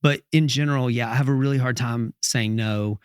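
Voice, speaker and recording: A man at a middle pitch talks thoughtfully and earnestly, working through his thoughts as he goes. His voice is close and dry, with no room sound. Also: a little fast, smooth, dry recording. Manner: reflective, earnest, thinking aloud with restarts. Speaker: songwriter guest. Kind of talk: casual interview conversation.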